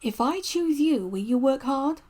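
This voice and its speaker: A woman's voice: sits high, expressive, a little slow, dark tone. A woman voicing a stern, portly male railway boss who is kind underneath, speaking in a severe, formal way.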